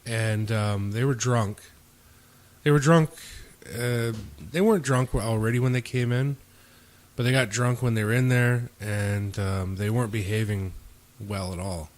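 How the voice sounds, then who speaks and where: A man hosting a podcast, telling stories in a relaxed way, swearing and acting out quotes. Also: fairly low pitch, a little slow. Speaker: podcast host. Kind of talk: casual storytelling. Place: indoors, home.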